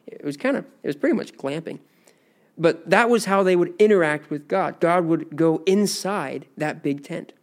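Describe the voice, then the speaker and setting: A man's voice: a little high, moderate pace. A man teaching a Bible lesson, reading scripture aloud and explaining it with frequent restarts.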